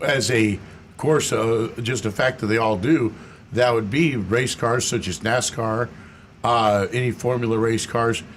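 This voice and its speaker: Radio auto expert, man, mid-pitched, matter-of-fact. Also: a little hiss or hum. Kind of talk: radio call-in chat.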